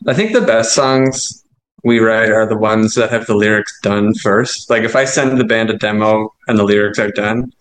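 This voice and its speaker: A man's voice: lowish voice, steady tone, normal speed, low-quality recording. A man who writes his band's songs, talking casually in an interview, rambling and self-deprecating with lots of fillers. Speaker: songwriter and band frontman.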